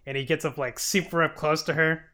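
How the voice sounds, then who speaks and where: A young man with a bright, forceful voice, chatting loosely on a comedy podcast. He pitches a touch high and keeps breaking into giggles as he rambles through a recap. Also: fairly even intonation. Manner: rambling, giggly, slips into quick voices for characters. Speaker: podcast co-host recapping a show. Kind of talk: casual comedic podcast chat.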